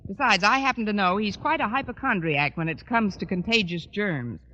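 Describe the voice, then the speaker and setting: A dry, wisecracking high-school teacher in a 1940s radio sitcom. Her voice is bright and lively, rising and falling freely. A faint hiss and dull old broadcast sound sit under it. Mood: wry. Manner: dry, sardonic, quick with wisecracks.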